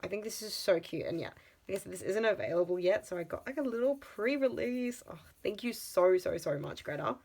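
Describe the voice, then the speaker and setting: Aussie woman vlogging her budget stuff, super chatty and excited, mid pitch. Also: a little fast, gravelly, husky, low-quality recording. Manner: excitable and chatty, with frequent gasps and exclamations. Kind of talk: casual vlog chat.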